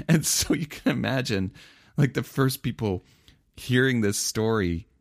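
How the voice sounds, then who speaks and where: A man preaching a sermon in a casual, laughing, animated storytelling manner. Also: medium pitch, a little slow, gravelly, dry recording, studio quality. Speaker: pastor.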